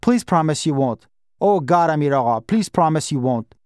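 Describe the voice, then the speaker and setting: A man's voice: fairly high pitch, lively intonation, measured pace, a little mellow, no echo, clean studio sound. A man voicing a frightened young orphan boy who pleads with a breaking voice. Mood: terrified pleading.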